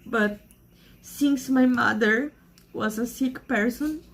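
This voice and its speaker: A woman's voice: fairly high pitch, slow. A Brazilian woman with a Brazilian Portuguese accent, a native Portuguese speaker, talking earnestly and emotionally in rambling English in a casual vlog to camera. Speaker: vlogger.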